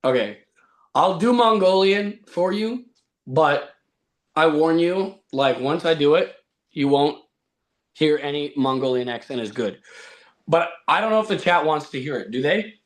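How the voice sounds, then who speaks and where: A man's voice: a little high, lively intonation, measured pace. A man on a live stream, telling boastful tall tales with a straight face. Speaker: stream co-host. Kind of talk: joking live-stream banter.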